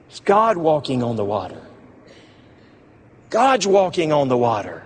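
A man with a high voice delivers an emphatic sermon, hammering on repeated phrases. He sometimes drops his voice low and soft. A long reverb from a large hall trails behind every word. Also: huge pitch swings, measured pace, pauses often, breathy edge. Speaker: preacher.

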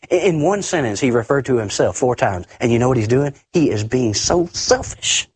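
A man preaching a sermon emphatically, often repeating words and swinging his pitch up and down. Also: expressive, normal speed, hardly any pauses, darkish tone, slightly rough, dry recording.

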